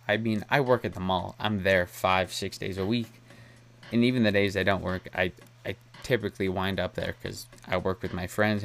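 A man's voice: mid-range voice, a bit bright. A young man hosting a solo podcast, talking in a rambling, candid way and laughing often. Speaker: podcast host. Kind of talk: casual solo podcast chat.

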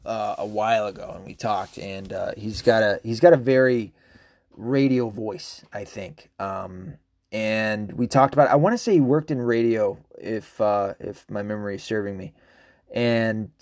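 A man hosting a casual solo podcast. He rambles, swears often and fills his talk with ums, uhs and quick laughs. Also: on the low side, a little mellow, dry recording, clean studio sound. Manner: rambling and profane, with frequent fillers and laughs. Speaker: podcast host.

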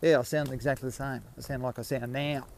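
An Australian man talks in a loose, rambling podcast monologue, joking at his own expense and restarting his sentences. He is out walking, with faint outdoor noise behind him. His pitch sits in the middle of the usual range for a man. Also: steady tone, quick pace, darkish tone. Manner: chatty, self-mocking, rambling with restarts. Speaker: podcast host.

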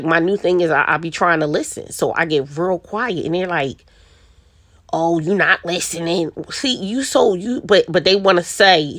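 Middle-aged woman podcasting solo, low voice, rambly "you know"s, dry close sound. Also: no echo. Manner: chatty, lots of "you know" and restarts. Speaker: podcast host. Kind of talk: casual solo monologue. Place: quiet spot with birds outside.

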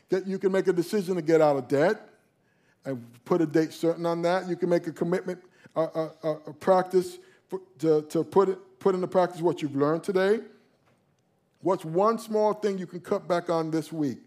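Emphatic preaching man, slightly high voice. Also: darkish tone. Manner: emphatic preaching, slows on key phrases. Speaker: pastor. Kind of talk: sermon.

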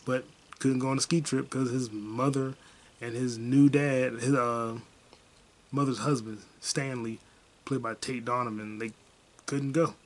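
A man's voice: medium pitch, fairly even intonation, unhurried. A young man rambles through a casual movie review on his podcast. His voice sits in an ordinary middle register, laid-back and loose, and he drops in the odd curse. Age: young adult. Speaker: podcast host.

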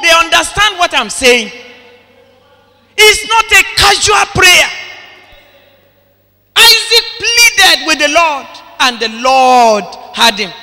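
Impassioned high-voiced preacher. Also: male voice, sharp tone. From Nigeria. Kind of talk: sermon. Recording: long hall reverb.

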